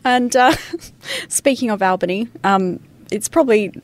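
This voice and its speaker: A woman's voice: a little high, animated. Woman co-hosting breakfast radio. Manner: reactive and laughing, quick exclamations. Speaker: radio co-host.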